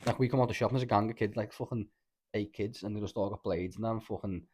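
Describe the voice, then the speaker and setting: On a casual podcast, a Liverpool-accented co-host rambles through a long story packed with filler words and swearing. His voice is on the low side and darkish, with fairly even intonation and a quick pace, and there's slight background noise.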